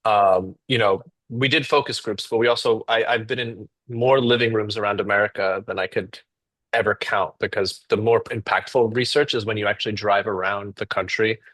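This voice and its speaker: A man who is a guest in a casual conversation, telling a story in an animated way. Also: fairly low pitch, normal speed, no room sound.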